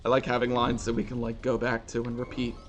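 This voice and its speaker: A man's voice: medium pitch, monotone, quick pace, soft background music. A man streaming a video game, chatting casually and swearing now and then. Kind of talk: casual gameplay commentary.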